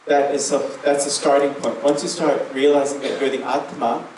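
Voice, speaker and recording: A man sharing memories with a gathering in an earnest, reflective way, slowing down to stress key words. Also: medium pitch, fairly even intonation, a little mellow. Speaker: youth group member sharing memories. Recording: echoey room, distant mic, faint noise.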